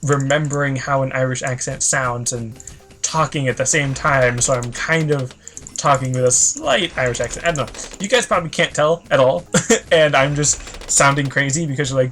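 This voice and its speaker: A man's voice: mid-range voice, moderate pace, fairly bright tone, slight background noise. A man chatting through a video game as a let's play host, rambling and self-conscious, laughing easily. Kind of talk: casual gameplay commentary.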